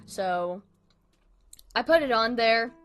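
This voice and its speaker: A woman's voice: a little high, lively intonation, slow, fairly bright tone, clean tone, faint music behind. A woman streamer in casual livestream chat, rambling along and laughing often.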